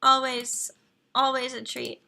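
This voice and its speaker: A young woman hosts a casual live stream in a high-pitched voice. Her tone is bright and lively, and she chats easily as she reads out game profiles and viewer messages. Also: takes it slowly, gravelly. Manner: chatty, reads viewer chat and profiles aloud, talks to her computer. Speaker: livestream host reviewing game profiles.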